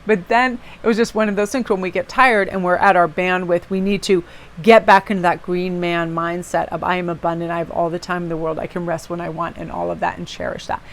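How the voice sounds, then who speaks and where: A woman's voice: fairly low pitch, steady tone, brisk. A woman giving a casual tarot reading to viewers, chatty and rambling, with personal asides and many "you know"s. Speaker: tarot reader.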